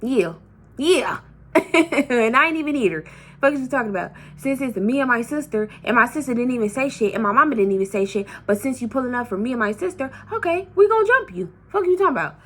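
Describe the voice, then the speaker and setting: A woman with a high voice tells a family story in a casual storytime vlog. She talks in an animated and heated way, swears freely, and addresses her viewers directly. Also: fast talker. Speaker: vlogger.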